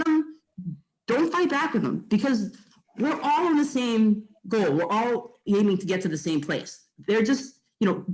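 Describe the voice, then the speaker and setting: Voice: medium pitch, low-quality recording. A real estate agent, giving a casual, blunt training talk to fellow agents and full of fillers and mild swearing.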